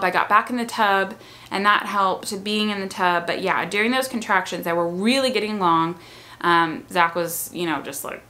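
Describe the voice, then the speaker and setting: A woman's voice: medium pitch, pushed and bright. A young woman casually telling the story of a long, hard labor, chatty and frank, with many fillers and restarts. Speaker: mother telling her birth story.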